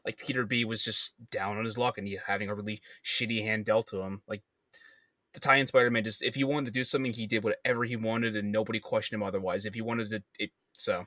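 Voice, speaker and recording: Man co-host, low voice, dry close sound, rambles and trails off. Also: steady tone, fast talker, bright, forceful tone, dry recording. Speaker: podcast co-host. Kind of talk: casual chat.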